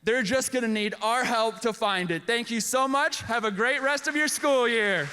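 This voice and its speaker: A man's voice: very high-pitched, normal speed, background noise. A man giving a motivational keynote to staff as a guest speaker, with a punchy, rhythmic delivery.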